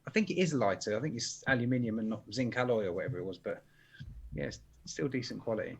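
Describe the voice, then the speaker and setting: Guy, husky, lively up-and-down delivery, relaxed co-host. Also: medium pitch, fast talker. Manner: easygoing, chatty gear talk. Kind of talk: casual live stream chat.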